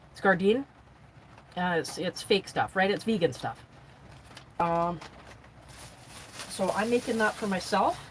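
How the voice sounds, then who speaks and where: On a low-quality recording with slight background noise, a woman livestreams from her camper van. As a vanlife vlogger, she keeps up a chatty, casual conversation with her audience and her dogs, her pitch jumping high for the pets.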